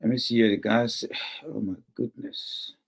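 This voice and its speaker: A man's voice: medium pitch, a little slow, vocal fry, breathy edge. A middle-aged Liberian man with a Liberian English accent hosts a livestream, reads viewer comments and scolds a commenter over and over with emphasis. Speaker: livestream host reading comments. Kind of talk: casual livestream talk.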